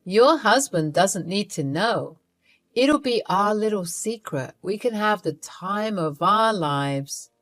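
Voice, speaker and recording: A woman voicing a smooth-talking male celebrity who flirts slowly and seductively in a storytime narration. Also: medium pitch, lively intonation, fairly bright tone, faint music behind. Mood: flirty.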